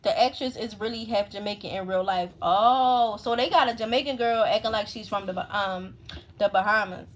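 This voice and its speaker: A woman's voice: medium pitch, normal speed. A woman host with a Baltimore accent, chatting casually and rambling in slangy talk to her viewers. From Baltimore, USA. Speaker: astrology channel host.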